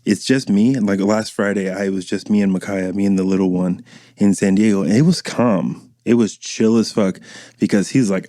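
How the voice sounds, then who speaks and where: Warm and fairly low-pitched, this podcast host talks at a moderate pace in studio-quality audio with no room sound. He's in his thirties, rambling through loose, profane stories in a casual monologue and performing the quotes.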